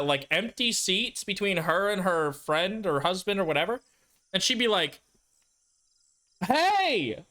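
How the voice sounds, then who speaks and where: Bright-voiced ranting male streamer. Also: on the high side. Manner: profane, ranting, self-deprecating. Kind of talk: casual storytelling while gaming.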